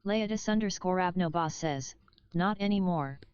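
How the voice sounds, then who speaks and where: Smooth synthetic woman reading chat. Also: fairly low pitch, normal speed, dry recording, muffled recording. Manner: flat, even reading of chat messages. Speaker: text-to-speech chat reader.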